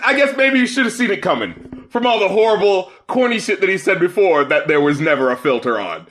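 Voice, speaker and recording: High, lively man ranting on a podcast. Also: a little fast. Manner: heated, profane, rising to shouts. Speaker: podcast co-host. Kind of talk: casual chat.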